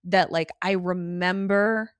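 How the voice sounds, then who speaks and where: A middle-aged woman co-hosting a podcast, recapping an episode in a casual, animated way and slipping into quoted voices. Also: lowish voice, slow pace, no room sound, studio quality. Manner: animated storytelling, slips into quoted voices, swears. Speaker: podcast co-host.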